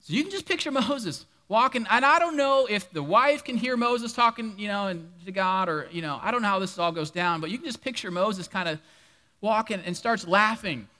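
A man's voice: sits high, expressive, moderate pace, sharp tone, in a large hall. A man preaching a sermon, telling a Bible story with humor and playful asides to the congregation.

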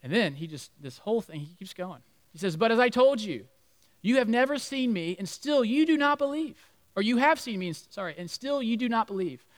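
Animated high-voiced male pastor preaching. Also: a little fast, no echo. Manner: animated, acts out voices of crowd and Jesus, drops to near-whisper. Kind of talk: sermon.

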